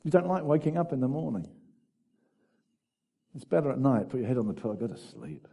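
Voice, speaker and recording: A man preaching a sermon, swinging between loud exclamations and hushed, intimate asides. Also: mid-range voice, sing-song, brisk, vocal fry, slightly rough.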